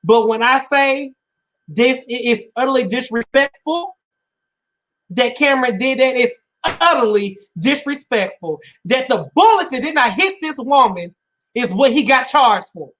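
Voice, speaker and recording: Nearly in tears, a male co-host pours raw emotion into his panel commentary, circling back over his words as his pleas grow more urgent. He speaks unhurriedly in a very high-pitched, expressive, slightly bright voice.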